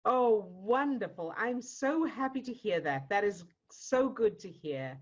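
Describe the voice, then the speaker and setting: Woman host from the UK, encouraging, mid pitch, slightly muffled call audio. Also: lively intonation, measured pace. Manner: encouraging, thanks people often. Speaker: host, session leader. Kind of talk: warm group facilitation on video call.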